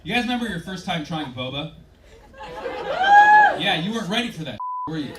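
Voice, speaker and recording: A man's voice: on the high side, sing-song, brisk, heavy background noise. A man doing a stand-up routine, playful and full of mock indignation. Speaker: stand-up comedian. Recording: live club with loud crowd laughter.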